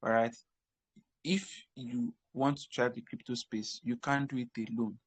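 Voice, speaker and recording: A man's voice: medium pitch, fairly even intonation, measured pace, breathy edge, no echo. Emphatic man giving crypto career advice. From Africa. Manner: repetitive, emphatic, frequent restarts. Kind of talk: casual advice talk.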